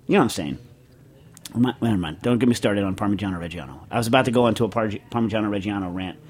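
A man's voice: fairly low pitch, very fast, darkish tone, husky. Rambling, joking male podcast host. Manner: rambling, joking, many fillers and restarts. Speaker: podcast host answering listener questions. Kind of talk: casual chat.

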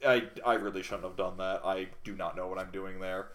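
A man's voice: sits low, level tone, a little fast, fairly bright tone. A man co-hosting a casual podcast chat, rambling and self-deprecating, with plenty of fillers and restarts. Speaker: podcast co-host.

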